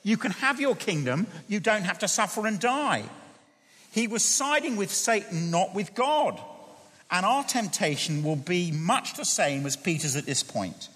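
Animated preacher in a reverberant hall. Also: male voice, sits high, unhurried. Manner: animated, emphatic preaching with scripture readings. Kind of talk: sermon.

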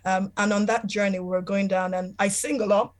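Woman, interview guest, earnest, reflective, halting, mid pitch. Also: fairly even intonation. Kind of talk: personal storytelling in a podcast interview.

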